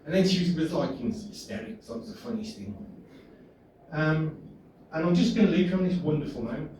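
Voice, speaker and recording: Cheeky stand-up man with a lively voice. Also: a little high, brisk. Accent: Birmingham. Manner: cheeky, laughs at own jokes. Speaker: stand-up comedian. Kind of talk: stand-up set. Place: small pub comedy room. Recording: echoey room from far off, noisy.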